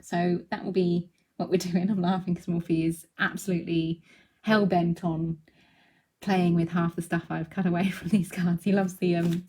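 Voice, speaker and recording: A woman's voice: lowish voice, flat delivery, moderate pace, warm tone. Chatty woman demonstrating card-making. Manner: chatty, breaks off to coo at her cat. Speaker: craft demonstrator. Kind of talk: live craft demonstration.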